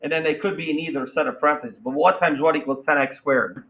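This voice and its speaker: A man teaching a math class, energetic and playful, firing questions at students. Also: on the high side, quick pace, rough recording. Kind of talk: classroom lesson.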